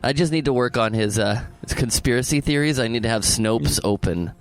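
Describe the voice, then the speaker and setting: A man's voice: medium pitch, brisk. A man co-hosting a talk show, bantering casually in a dry, joking way. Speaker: co-host.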